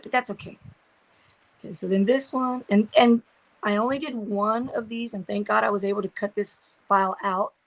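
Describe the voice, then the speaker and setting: An older woman hosts a casual craft livestream, chatting as she works and reading viewer comments aloud. Her voice is medium-pitched, she sometimes trails off hunting for words, and the audio is poor.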